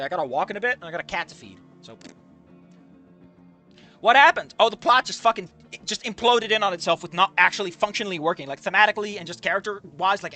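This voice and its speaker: A man's voice: high voice, sharp tone. A man giving a profane, exasperated running commentary while reading a fanfic. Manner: profane, exasperated, swearing often. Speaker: fanfiction reviewer.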